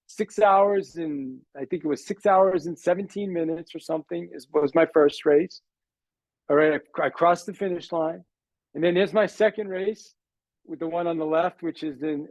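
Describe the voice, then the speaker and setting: A man, a sales trainer, telling a personal story in a motivational talk, animated and acting out the dialogue while calling his listeners "guys". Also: high voice, dry recording, poor audio. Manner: acts out quoted dialogue in the story.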